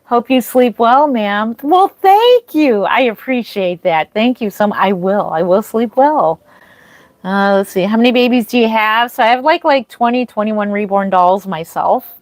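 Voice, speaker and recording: A woman's voice: mid-range voice, normal speed, no room sound. A woman streaming live as a reborn doll artist, chatting casually, greeting viewers and answering their comments with frequent ums and restarts.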